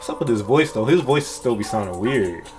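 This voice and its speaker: A man giving casual, excitable, slang-filled reaction commentary to a music video, often laughing. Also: mid-range voice, fairly quick. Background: music track playing.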